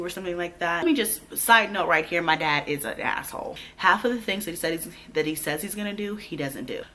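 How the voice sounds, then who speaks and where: A pregnant young woman, telling a storytime vlog in a blunt, profane, animated way. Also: on the low side, fast talker, few pauses, a little hiss or hum. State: heavily pregnant. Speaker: vlogger.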